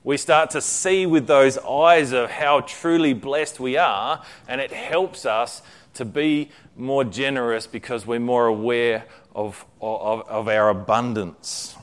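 A man's voice: medium pitch, slow, smooth. Conversational male preacher. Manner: conversational, with frequent fillers and restarts. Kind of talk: sermon with a story read aloud.

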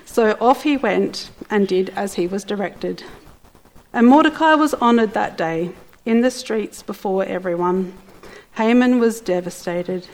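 A woman narrating a story in an expressive, theatrical way with playful asides. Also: mid-range voice, unhurried, poor audio.

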